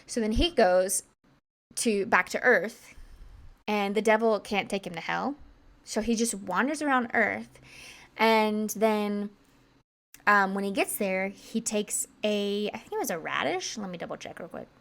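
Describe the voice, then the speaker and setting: A woman co-hosting a podcast, telling a story in a rambling, chatty way with quick asides and self-corrections. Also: medium pitch, lively intonation, vocal fry, a bit bright. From Irish heritage, American. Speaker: podcast co-host. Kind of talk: casual chat, storytelling.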